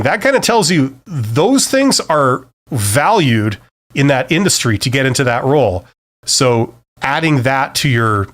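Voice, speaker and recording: A man's voice: mid-range voice, a bit bright. Middle-aged man giving casual career advice. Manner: loose and conversational, many fillers and restarts. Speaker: career advice host answering viewer questions. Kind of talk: casual live-stream Q&A.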